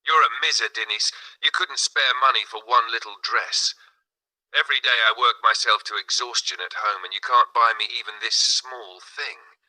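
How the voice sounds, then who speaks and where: A man's voice: normal speed, pushed and bright, rough recording. A man voicing a vain, demanding young wife who pleads and accuses in a raised voice. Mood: furious. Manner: pleading, then shrill and accusing.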